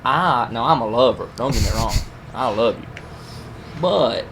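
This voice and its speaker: Man, casual storyteller, animated and laughing, noisy room. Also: medium pitch, a little slow. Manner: animated, laughing, acts out quoted lines. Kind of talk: casual storytelling among friends.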